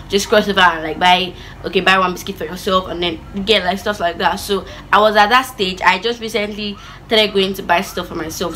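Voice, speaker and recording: A woman telling a childhood story in a chatty, animated vlog style with lots of asides. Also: mid-range voice, a little hiss or hum, poor audio. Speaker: vlogger.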